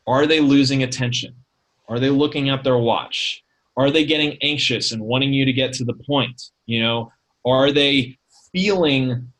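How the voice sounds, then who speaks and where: Man casually teaching a pitching webinar. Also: a bit bright, low-quality recording. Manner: conversational, many fillers and rhetorical questions. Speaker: talent manager teaching a webinar. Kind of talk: casual instructional talk.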